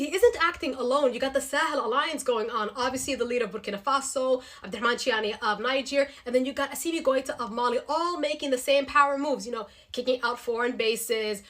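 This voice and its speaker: A woman narrates scripted commentary at a very quick clip. Her voice sits slightly high, and her delivery is pointed and skeptical, pressing each argument home. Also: fairly bright tone.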